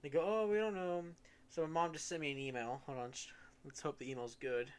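A man's voice: mid-range voice, steady tone, quick pace, a little hiss or hum. A teenage boy talks casually as a podcast co-host. He tells stories in a loose, chatty way and breaks into laughter often. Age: teens. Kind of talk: casual chat.

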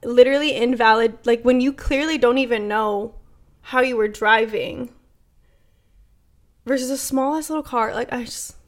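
A woman's voice: fairly high pitch, moderate pace. A young woman, co-hosting a casual podcast and telling a story with lots of fillers and swearing. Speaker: podcast co-host. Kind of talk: casual chat.

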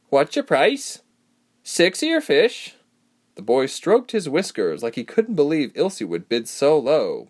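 A man narrating a fantasy novel as an audiobook, telling it expressively. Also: medium pitch. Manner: expressive storytelling.

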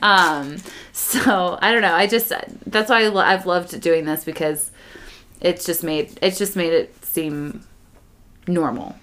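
A woman co-hosting a casual podcast, her voice pitched a little low but bright in tone. She talks in an earnest, reflective way, with plenty of fillers. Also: a little slow. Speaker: podcast co-host. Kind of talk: casual chat.

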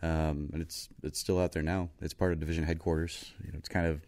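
A man's voice: rumbling low, little pitch movement, fast, darkish tone. An American man and army veteran, joking playfully and rambling through stories as a podcast co-host. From United States. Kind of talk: casual chat, storytelling.

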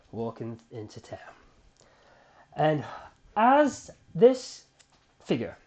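A man hosting a solo fan podcast, recapping a TV episode in an excitable, animated storytelling way with frequent restarts. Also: on the high side. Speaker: podcast host.

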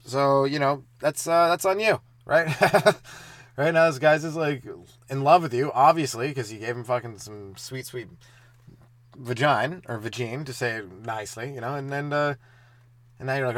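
A man's voice: medium pitch, a bit bright, no echo. Rambling, profane male comedian. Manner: loose, rambling, profane, quick asides. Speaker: stand-up comedian hosting a podcast. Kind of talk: rambling solo comedy podcast.

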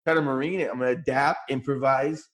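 Man, easygoing slangy podcast talk, mid-pitched voice. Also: fairly even intonation, fast. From California. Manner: laid-back, slangy, says "bro" and "dude". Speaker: podcast co-host. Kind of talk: casual chat.

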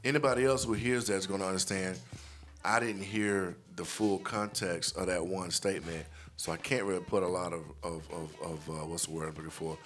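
A man's voice: low-pitched, steady tone, brisk, fairly bright tone. A man co-hosting a casual podcast, talking in long emphatic opinions full of "you know" fillers. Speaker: podcast co-host.

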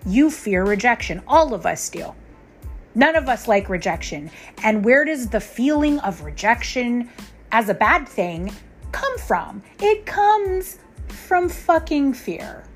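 A woman's voice: a little high, very animated, a little slow. A woman in her thirties rants through an unscripted solo podcast, swearing hard and pressing every point on her listeners. She sounds tired, and faint music plays behind her. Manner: profane, blunt, emphatic, talks straight to listeners. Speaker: podcast host.

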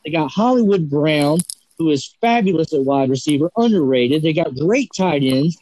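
A man's voice: a little high, expressive, moderate pace, a little mellow, no room sound, rough recording. A man on a sports talk panel, ranting heatedly and swearing often. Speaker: podcast panelist.

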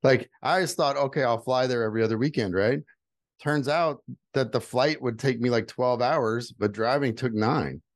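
A man's voice: medium pitch, normal speed, no room sound. Earnest middle-aged man, dry close sound. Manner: earnest, candid, repeats phrases for emphasis; builds to emphatic, rising delivery when giving advice. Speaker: guest. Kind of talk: personal storytelling, motivational talk.

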